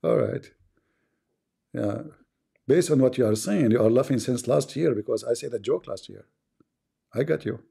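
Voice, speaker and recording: A sarcastic host with an Arabic accent, his voice gravelly and rough with a husky edge. The tone is dark and mellow as he taunts and mocks his callers on a live stream. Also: mid-range voice, normal speed, pauses often. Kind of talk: mocking live-stream banter.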